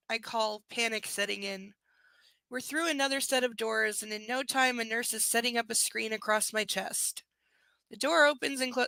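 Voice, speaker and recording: A young woman reads a novel aloud with a high, gravelly, bright voice, close and dry. She keeps breaking into snarky, profane asides between the passages. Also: moderate pace, no room sound. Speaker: book reader. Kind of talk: live reading with sarcastic asides.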